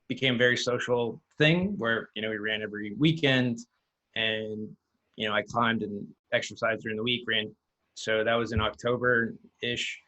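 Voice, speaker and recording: A man speaking as an interview guest, calm and matter-of-fact as he tells his story. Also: lowish voice, muffled recording. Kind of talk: casual interview chat.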